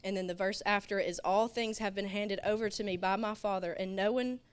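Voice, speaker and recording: A woman's voice: mid-range voice, steady tone, clear, resonant tone. A woman giving an earnest, emotional testimony in a church class, tearful and sniffling into a microphone. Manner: emotional, earnest, halting with little laughs. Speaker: children's ministry volunteer.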